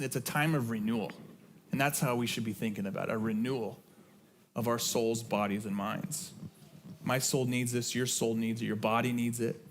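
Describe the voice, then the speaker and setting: A man's voice: medium pitch, steady tone, fairly quick, slight background noise. A middle-aged man, a pastor, preaching a sermon in an earnest, conversational way and repeating key phrases for emphasis. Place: church sanctuary.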